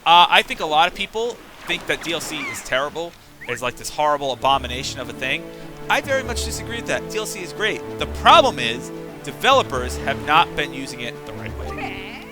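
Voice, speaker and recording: A man's voice: a little high, sing-song, fairly quick, over music. A young man streaming a game, casually talking through his play with chatty, muttered asides. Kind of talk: casual live gameplay commentary.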